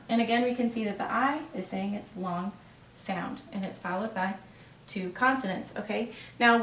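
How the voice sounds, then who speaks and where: A woman teaching a phonics lesson at a board, patient and encouraging, pausing for the learner's answers. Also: a little high, fairly bright tone. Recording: roomy echo, distant mic, faint hiss.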